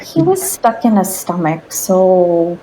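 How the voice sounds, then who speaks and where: A woman's voice: fairly low pitch, sing-song, slow, a crowd in the background, poor audio. A woman playing a tabletop game, chatting in an amused, talkative way. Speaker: player. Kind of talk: casual tabletop chat.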